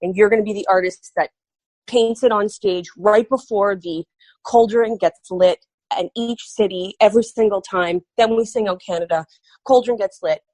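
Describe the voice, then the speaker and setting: A woman's voice: medium pitch, moderate pace, a little mellow, dry recording. A woman guest on a podcast, telling a story animatedly and acting out quoted dialogue. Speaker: guest artist.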